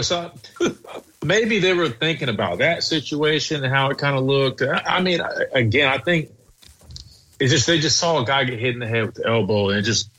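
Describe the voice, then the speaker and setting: A man's voice: medium pitch, pushed and bright, slightly rough, poor audio. A man co-hosting sports talk radio, hedging and rambling through his take with many restarts.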